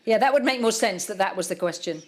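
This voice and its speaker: A woman's voice: mid-range voice, expressive, fast. Woman novelist, panel guest; thoughtful, word-searching delivery. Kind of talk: public literary conversation.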